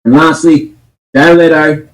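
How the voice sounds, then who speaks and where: Fired-up Australian man, slightly high voice. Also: fairly even intonation, measured pace, poor audio. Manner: emphatic, fired-up, swears often. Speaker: co-host reviewing a film. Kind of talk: casual livestream chat.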